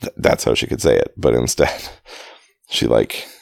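A man's voice: very deep voice, fairly even intonation, a little slow, vocal fry, no room sound. A man reading a novel aloud in a dry, casual way, fixing slips and breaking off for chatty asides. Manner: dry, self-correcting, stops to comment on his own reading. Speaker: reader of a novel.

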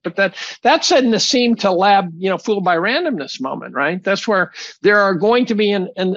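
A gravelly man with a slightly high voice talks through an interview bluntly, swearing and restarting his sentences as he goes. The sound is dull and dry. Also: fairly bright tone, no echo. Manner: blunt, profane, rambling with many restarts. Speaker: guest, chemistry professor. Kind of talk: casual interview talk.

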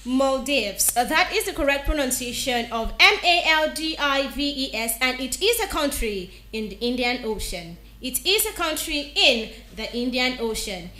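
A woman from Nigeria presenting a radio diction segment, spelling place names slowly and repeating each one carefully. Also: sits high, bright, forceful tone, reverberant. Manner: slow deliberate spelling, repeats each word. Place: radio studio.

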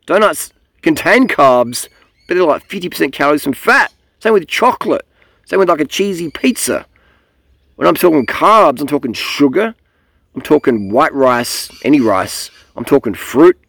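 Gravelly man ranting about training. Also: fairly high pitch, animated, normal speed, fairly bright tone, no echo. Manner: blunt, profane, rambling, swears freely. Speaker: cycling vlogger. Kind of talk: casual rambling monologue. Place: outdoors.

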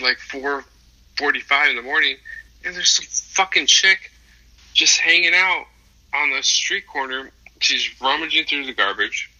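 A young man chats on a podcast in a low-pitched, very bright voice. He rambles through his story with lots of ums and swears freely. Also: low-quality recording. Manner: swears often, rambling with fillers. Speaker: podcast co-host. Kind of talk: casual chat, profane storytelling.

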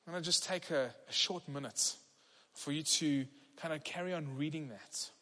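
A man's voice: fairly high pitch, moderate pace, sharp tone. A man preaching as a pastor, earnest and encouraging, leading a congregation in prayer. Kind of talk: sermon. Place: large church hall. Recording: long hall reverb.

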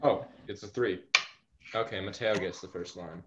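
A man runs a tabletop game over a voice call, explaining at length in an opinionated, lecturing way. His voice is fairly low, and the call audio is dull with a faint hiss. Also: moderate pace. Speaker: game master. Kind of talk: casual game session chat.

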